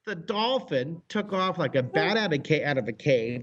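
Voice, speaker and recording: An American man, a drawing teacher, telling a story as a guest with exuberant energy, laughs and shouted sound effects. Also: on the high side, lively intonation, fairly quick, few pauses. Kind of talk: animated storytelling.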